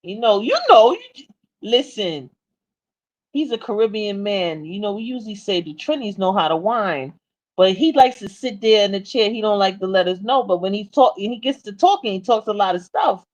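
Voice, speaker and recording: A woman chatting as co-host in an animated way, stumbling over her words and starting again. Her voice rides up and down through a lively melodic range. The recording is muffled and low-fidelity, with the top end missing. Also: normal speed. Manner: animated, laughing, repeats words and restarts. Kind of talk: casual chat. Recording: dull lo-fi sound.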